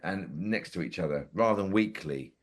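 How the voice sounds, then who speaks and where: A man's voice: sits low, moderate pace. A man in his forties, a podcast guest telling rambling anecdotes with lots of swearing and acted-out quotes. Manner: rambling, lively, swears freely, acts out quotes. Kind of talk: casual anecdotal storytelling.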